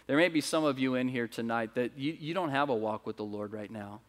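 Earnest pastor preaching in a reverberant hall. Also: male voice, mid-range voice, a little fast, hardly any pauses. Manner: earnest storytelling with restarts. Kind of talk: sermon. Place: church service.

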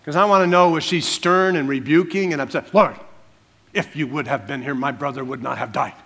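A man delivers a sermon in a slightly high voice. He leans into drama, going quiet and intimate, then rising loud and slow on the key lines. The preaching moves between gentle asides and emphatic declarations. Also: creaky. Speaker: pastor.

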